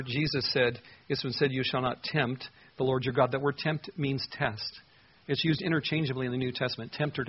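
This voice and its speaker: A man's voice: mid-range voice, slightly rough, dull audio. A man teaching through Bible verses in a conversational, earnest way, with emphatic stresses.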